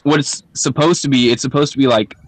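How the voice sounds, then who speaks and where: A man's voice: medium pitch, fairly even intonation, fast talker. A young man co-hosting a podcast in casual chat, laid-back and full of slang and swearing. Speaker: podcast co-host.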